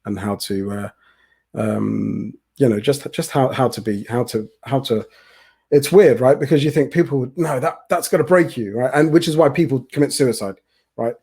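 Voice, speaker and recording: A man in his forties hosting an interview, talking in a halting way with many restarts. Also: mid-range voice, gravelly, mellow, husky. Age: 40s. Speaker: host. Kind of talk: casual interview chat.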